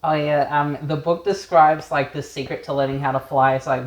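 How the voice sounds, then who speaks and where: A woman's voice: low-pitched, steady tone, normal speed, echoey room, low-quality recording. A woman co-hosting a casual book chat, dropping short, dry comments. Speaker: podcast co-host.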